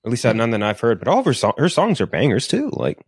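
A fast-talking man with wildly swooping pitch and a breathy edge co-hosts a podcast, recorded with clean studio sound and no echo. In casual chat he swears freely and rambles as he pitches a film plot.

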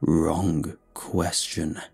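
A man voicing a menacing ancient shapeshifting being who poses as a male hermit, speaking slowly, low and ominous. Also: flat delivery, creaky, darkish tone, slightly rough, faint music behind, heavily acted.

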